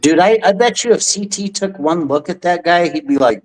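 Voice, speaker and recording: Male stream host with a higher voice, profane and rambling rants. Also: normal speed, hardly any pauses, low-quality recording. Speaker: livestream host. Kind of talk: ranting livestream commentary.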